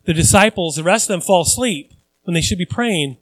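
A man's voice: high voice, lively intonation, brisk, fairly bright tone, dry recording, rough recording. A male pastor preaching a sermon in a conversational way, repeating phrases for emphasis and acting out the voices of people he quotes.

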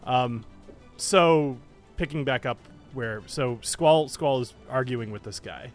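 A man's voice: mid-range voice, slow, soft background music. Man narrating a tabletop game. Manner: casual, with many fillers and restarts. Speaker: game master.

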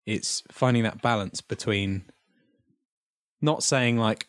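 A man's voice: fairly low pitch, takes it slowly, pauses often, dry recording. A young man hosting a podcast, chatting casually and rambling, with restarts and chuckles. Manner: rambling, self-interrupting, chuckling. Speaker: podcast host. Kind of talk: casual chat.

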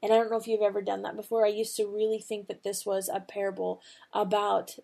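Gravelly-voiced woman podcast host. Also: mid-range voice, flat delivery, fast talker, a little mellow. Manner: earnest, personal storytelling with fillers. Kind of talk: devotional podcast talk.

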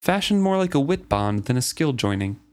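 A man reading aloud the lines of a calm, wise male wolf companion from a book. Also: mid-range voice, normal speed, pitched above the performer's own voice, close to an everyday voice.

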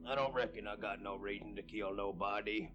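An actor playing a slow-spoken, simple-minded grown man with a flat drawl, heard from a film trailer. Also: fairly low pitch, muffled recording, close to an everyday voice. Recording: film trailer played from far off over music.

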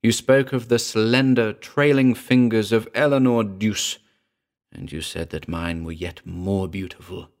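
A man's voice: lowish voice, a little slow. A man voicing the ghost of a dead actress, speaking tenderly and sadly in a throbbing contralto. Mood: sorrowful. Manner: tender, mournful.

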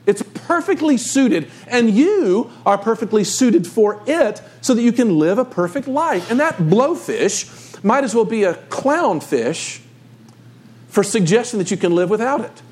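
Animated high-voiced male pastor. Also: unhurried. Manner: conversational, animated storytelling. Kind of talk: sermon.

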